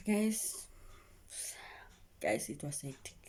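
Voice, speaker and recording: Slow hushed woman. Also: medium pitch, sing-song, slight background noise. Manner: hushed, often dropping to a whisper; repetitive, keeps addressing viewers. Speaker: vlogger. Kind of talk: emotional storytime.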